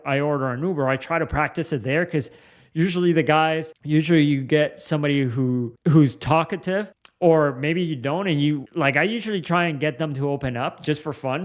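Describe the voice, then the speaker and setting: A man with a slightly higher voice explains a communication skill in a relaxed, unscripted way. He restarts sentences often and leans on "like" as he talks through examples. It sounds like an informal coaching talk. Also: moderate pace. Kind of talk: casual instructional talk to camera.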